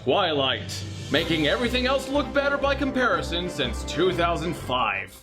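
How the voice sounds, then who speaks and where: A man's voice: sits high, sing-song, normal speed, over music. A man narrating a scripted comedic movie review with sarcastic, mocking asides.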